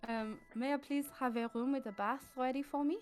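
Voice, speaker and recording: A woman voicing a prim adventurer, speaking haltingly and politely. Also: high voice, steady tone, darkish tone, smooth, faint music behind, voice pushed up, close to an everyday voice. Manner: halting, hesitant, self-conscious. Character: prim adventurer with a put-on French-ish accent.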